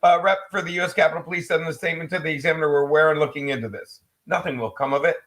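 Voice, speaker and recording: A man with a somewhat high-pitched voice chatting on a casual livestream. He reads a news article out loud and keeps cutting in with sarcastic, profane remarks. His delivery is loose and unscripted. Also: fairly even intonation, very fast. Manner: sarcastic asides, swears freely. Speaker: livestream co-host. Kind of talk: casual livestream chat, reading news aloud.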